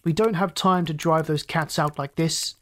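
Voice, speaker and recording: The narrator voicing a terse male first mate of a space freighter, crisp and commanding. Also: medium pitch, fairly even intonation, moderate pace, fairly bright tone, close to an everyday voice. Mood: urgent.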